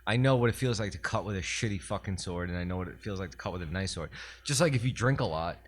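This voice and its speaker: A man's voice: deep voice, quick pace, a little hiss or hum. A man co-hosting a podcast in casual chat, opinionated and crude, talking animatedly. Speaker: podcast co-host.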